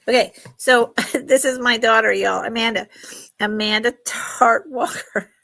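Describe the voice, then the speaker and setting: Woman host, middle-aged, higher voice, warm chatty live-sale patter. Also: steady tone, takes it slowly, creaky. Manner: chatty, laughing, emotional. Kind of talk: casual live stream selling.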